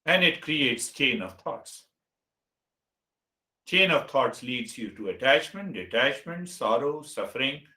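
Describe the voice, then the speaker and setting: A man giving a meditation teaching talk as a spiritual teacher, speaking deliberately and listing words one at a time. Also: mid-range voice, lively intonation, sharp tone. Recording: roomy echo.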